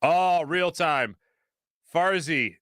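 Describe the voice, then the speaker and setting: A man hosting a casual talk show, rambling through stories with many fillers and animated asides. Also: on the high side, extremely slow, dry recording, clean studio sound. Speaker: show host.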